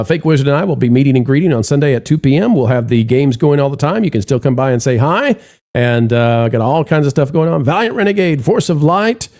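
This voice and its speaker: Animated man hosting a live stream. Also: fairly high pitch. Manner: blunt, excitable, plugging events. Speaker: host. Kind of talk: casual live-stream chat.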